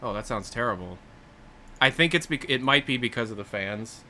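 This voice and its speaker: A young male streamer talks casually into a desktop mic, rambling between tasks and thanking donors. His voice is bright and forward, with a little faint background noise. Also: medium pitch, animated, moderate pace, low-quality recording. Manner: rambling, reads donations aloud. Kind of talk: casual livestream chat. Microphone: desktop USB mic.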